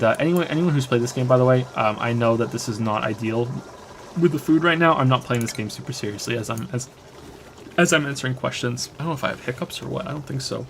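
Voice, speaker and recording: A man's voice: medium pitch, slight background noise. A man casually answering chat questions on a live stream while playing a game, rambling with frequent restarts and fillers.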